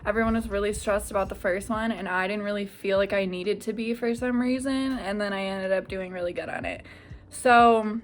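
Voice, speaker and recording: A woman's voice: mid-range voice, fairly even intonation, normal speed. A young woman in her twenties, a nursing student, chatting casually to camera in a rambling way, full of "like" and "I don't know". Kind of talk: casual vlog chat.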